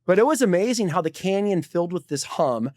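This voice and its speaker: A middle-aged man, a podcast guest, telling climbing stories in a laid-back, animated way. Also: sits high, fairly quick, no room sound, studio quality. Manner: animated, laid-back storyteller saying dude. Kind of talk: casual storytelling.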